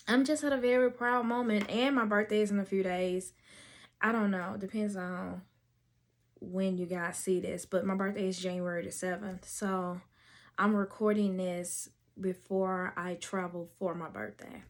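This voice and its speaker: A woman's voice: mid-range voice, fairly even intonation. A woman podcast host in casual storytelling chat, talking emotionally about her life before telling a nanny story. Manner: emotional, slow and drawn out.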